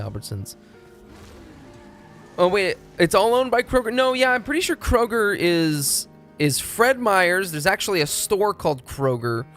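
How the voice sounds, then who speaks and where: A man's voice: on the high side, fairly bright tone. A young man from Texas, chatting casually and profanely on a live stream. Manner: rambling, profane, laid-back.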